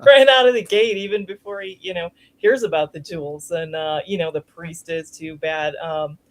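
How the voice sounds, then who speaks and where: A woman's voice: on the low side, moderate pace. A woman co-hosting a casual podcast, reviewing a film with frequent laughs and mild slang. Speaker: podcast co-host. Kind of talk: casual chat, movie review.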